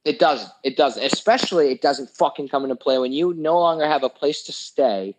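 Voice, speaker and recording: A man's voice: fairly high pitch, animated, brisk, husky, poor audio. A young man telling a story in casual chat, ranting heatedly and swearing a lot.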